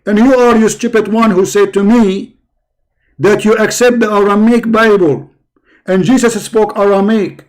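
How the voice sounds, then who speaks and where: High-voiced combative male debate host. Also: fairly even intonation, moderate pace. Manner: combative, mocking, insulting callers. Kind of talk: live call-in debate.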